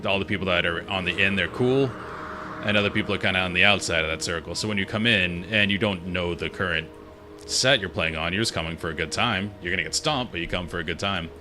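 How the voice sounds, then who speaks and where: Low-voiced man chatting over game music. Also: fast. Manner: rambling and opinionated, chatting while playing. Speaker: gaming streamer. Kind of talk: casual gaming chat.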